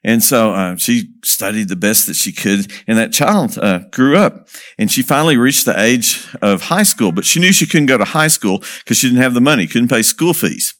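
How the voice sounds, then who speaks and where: A man working as a missionary speaker tells a story to an audience, lively, asking questions and chuckling as he goes. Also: medium pitch, moderate pace.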